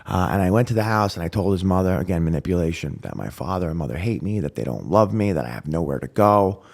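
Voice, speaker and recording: A man guest on a podcast, telling his recovery story with animated storytelling, acting out voices and dropping to a whisper at grim moments. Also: low voice, quick pace, creaky. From New York. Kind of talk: emotional storytelling.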